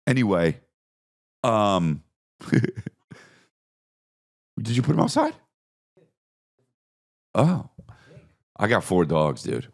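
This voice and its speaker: Male comedy podcast host, low gravelly voice, wildly swinging pitch, profane rambling storyteller. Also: drawn-out words, pauses often. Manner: animated, profane, jumps into bits and voices.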